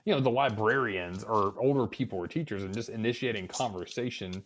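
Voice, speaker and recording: Low, measured podcast co-host man. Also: fairly bright tone. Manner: agreeable, reflective, measured. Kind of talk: casual chat.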